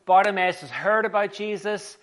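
A man preaching a sermon in an animated, conversational storytelling way. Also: high-pitched, normal speed, noisy background.

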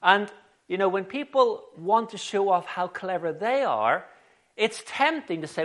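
A man preaching a sermon in an animated, conversational storytelling way. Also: high voice, measured pace.

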